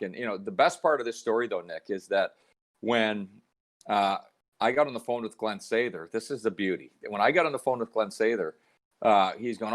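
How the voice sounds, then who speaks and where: A middle-aged man from Canada, a hockey analyst, telling stories in a casual podcast chat and acting out the voices he quotes. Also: on the low side. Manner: animated storyteller, acts out quoted voices.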